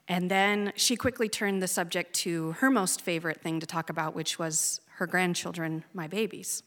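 This Oregon woman in her thirties speaks in a lowish, slightly bright voice. She's sharing an earnest, emotionally raw personal story from the stage, captured with long hall reverb.

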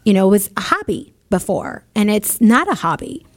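A woman's voice: medium pitch, sing-song, moderate pace. A woman in her forties hosting a motivational radio talk show, upbeat and chatty, laughing often. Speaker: radio show host and salon owner. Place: radio studio.

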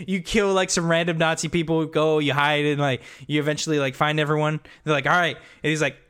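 A man's voice: fairly high pitch, level tone, brisk, a bit bright, clean tone. A man in casual chat about a video game, talking loosely, swearing freely and acting out characters' lines. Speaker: podcast co-host.

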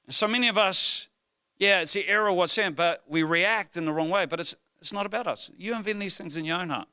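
A male pastor, preaching a sermon through humorous, animated personal stories. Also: high voice, brisk, clean tone, dry recording, studio quality.

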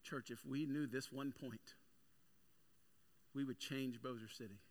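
A male pastor preaching a sermon with energetic, animated storytelling. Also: medium pitch, unhurried.

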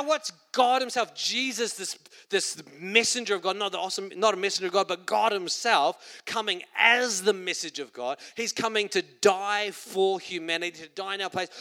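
A middle-aged man with a New Zealand accent delivers a sermon in a church hall. His voice sits high and bright. He talks conversationally, then breaks into loud, emphatic quotations. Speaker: preacher.

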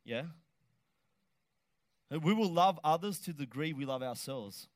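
A middle-aged man preaching a lively sermon, animated and joking, often shouting to stress a point. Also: fairly high pitch, measured pace, no room sound, studio quality. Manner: animated, shouts for emphasis, jokes with the crowd. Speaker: pastor.

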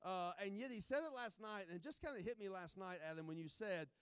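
A pastor giving informal, joking remarks before a sermon, rambling with many restarts. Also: male voice, sits high, fast, clean tone, no echo, studio quality.

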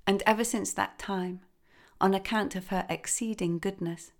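A woman telling a traditional folk tale in a gentle, expressive reading. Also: mid-range voice, normal speed. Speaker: storyteller. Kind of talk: storytelling narration.

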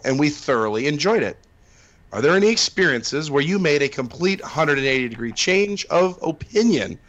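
A man's voice: on the high side, a bit bright. A man co-hosting a casual podcast chat, rambling with lots of fillers and restarts. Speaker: podcast co-host.

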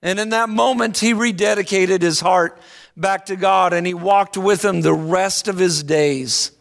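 A man preaching a sermon, telling a story in an earnest, deliberate way before turning to ask the listeners questions. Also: sits high, gravelly. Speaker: pastor.

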